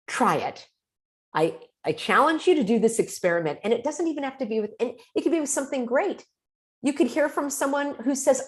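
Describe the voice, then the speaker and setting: A woman's voice: high-pitched, a little fast. A woman hosting a motivational self-help talk, coaching listeners directly and acting out example dialogue. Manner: expressive, acts out example dialogue. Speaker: host.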